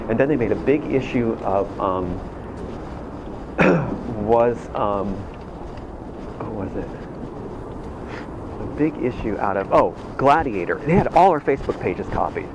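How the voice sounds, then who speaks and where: A man's voice: lowish voice, background noise. A man recounting events in casual talk, rambling with stammered restarts.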